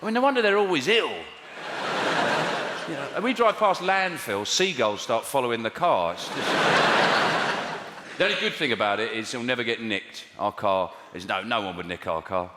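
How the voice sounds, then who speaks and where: A man's voice: mid-range voice, animated, moderate pace, a loud crowd. A man doing a stand-up routine, wry and exasperated, with bursts of mock outrage. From England. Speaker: stand-up comedian. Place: large theatre stage with live audience. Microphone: stage mic. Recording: echoey hall with loud audience laughter.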